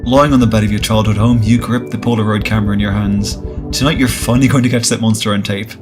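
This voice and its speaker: A man's voice: lowish voice, fairly even intonation, fast, music in the background. Man casually reading a visual novel aloud. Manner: casual, jokey asides between read lines. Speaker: game streamer.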